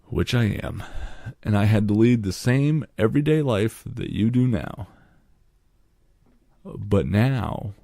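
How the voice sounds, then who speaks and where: Gravelly deep-voiced man hosting a podcast. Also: mellow, no echo, studio quality. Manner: profane, rambling and jokey. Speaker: podcast host. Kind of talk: casual solo podcast Q and A.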